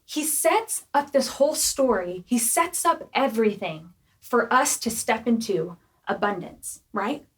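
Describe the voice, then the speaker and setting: A young woman preaching a casual youth sermon, chatty and animated, full of "like" and "right?" asides. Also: fairly high pitch, measured pace. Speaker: youth pastor.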